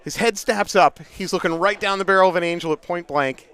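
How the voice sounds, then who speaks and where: New guy, middle-aged, smooth clear voice, chatty animated storyteller on a stream. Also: high voice, a little fast. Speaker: paintball commentator. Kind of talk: casual storytelling on a livestream. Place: outdoors at a paintball event.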